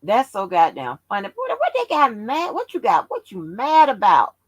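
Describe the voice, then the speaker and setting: A woman's voice: mid-range voice, wildly swooping pitch, normal speed, breathy edge, no echo, low-quality recording. A woman hosting a casual live stream, brash and profane, teasing and needling her chat commenters. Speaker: livestream host.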